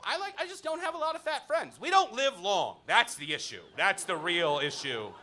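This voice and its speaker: A male stand-up comedian working a club crowd, his voice high and bright with wide swoops in pitch. He swings into mock outrage and quick crowd work. Audience laughter rises faintly behind him. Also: animated.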